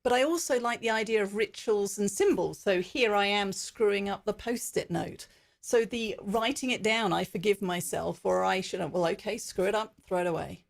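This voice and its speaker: A woman hosting a podcast, with a mid-pitched voice that has a gravelly, creaky edge. She talks things through earnestly and reflectively, in a conversational interview style. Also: normal speed. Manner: reflective, earnest, explaining ideas. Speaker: podcast host.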